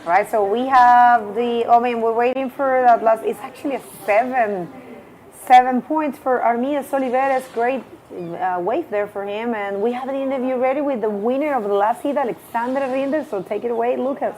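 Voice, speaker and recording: High-voiced woman, live surf commentator, casual and excitable, faint noise behind. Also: moderate pace, low-quality recording. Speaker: contest commentator.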